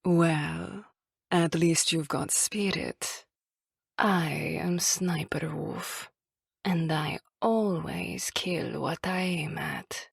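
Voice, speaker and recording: A woman voicing a cruel, seductive female enemy sniper with a Kurdish accent, speaking in a slow, breathy, half-whispered taunt in an audiobook. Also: fairly low pitch, no echo, clean studio sound, heavily acted. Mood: menacing taunt. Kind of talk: audiobook character voice.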